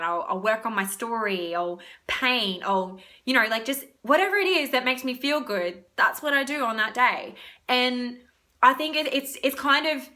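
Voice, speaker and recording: A woman's voice: a little high, sharp tone. A young woman chatting casually about self-love, rambling with lots of fillers and free swearing. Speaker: spiritual wellness vlogger. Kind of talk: casual self-help talk.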